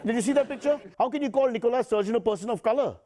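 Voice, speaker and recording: A man's voice: extremely high pitch, rapid-fire, mellow, slight background noise. A man anchoring a satirical news show, with wry, jokey asides. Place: TV studio set.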